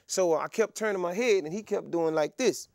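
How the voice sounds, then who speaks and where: A middle-aged man, an interview guest telling a story in a casual, animated way with many fillers and restarts. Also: high voice, normal speed, gravelly, dry recording, clean studio sound. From Texas.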